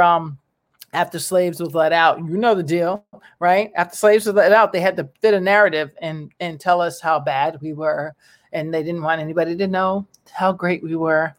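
A person delivering a casual opinion monologue to viewers, animated and exclamatory, with slangy asides and lots of fillers. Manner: animated, slangy and exclamatory, with big pitch jumps.

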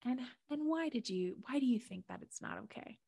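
A woman voicing a gentle, motherly earth spirit who asks calm, quiet, probing questions. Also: a little high, brisk, creaky, breathy edge, pitched above the performer's own voice, heavily acted. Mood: gently probing.

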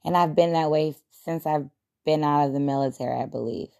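A woman's voice: deep voice, fairly quick, gravelly, dark tone. A young adult woman hosting a podcast, talking casually and reflectively, chatty and self-deprecating with frequent laughs. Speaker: podcast host.

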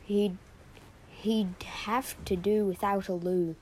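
A woman hosting a podcast, reading a children's story aloud in an expressive, sing-song way. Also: on the low side, takes it slowly, husky, poor audio. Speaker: storyteller host.

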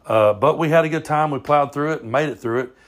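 A man's voice: a little high, fast. A man with a Southern US accent hosting an amateur podcast, talking loosely and swearing freely as he records on his phone. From southern United States. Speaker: podcast host. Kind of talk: casual podcast monologue.

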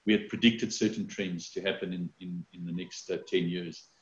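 A man with a very low, flat voice talks haltingly, full of fillers and restarts, as an interviewee. He comes through a video call that sounds roomy and dull. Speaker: company executive interviewed.

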